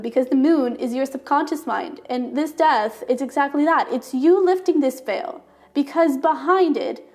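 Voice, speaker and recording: A woman giving a casual tarot reading to her viewers, excited and fast-talking, warm and encouraging, with many fillers. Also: high voice. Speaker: tarot reader.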